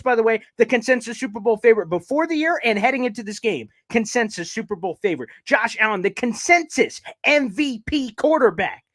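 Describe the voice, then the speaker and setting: A man's voice: a bit bright, no room sound. A man hosting a live fan recap show, ranting and taunting in a fired-up way, a little out of breath. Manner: fired-up, taunting rants with big pitch jumps. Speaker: sports show host.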